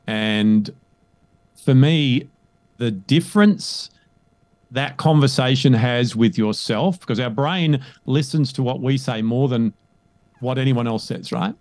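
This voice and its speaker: A man speaking as a coach in a conversational interview, emphatic and animated, often checking in with "right?". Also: medium pitch, moderate pace, no room sound. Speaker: guest, leadership coach.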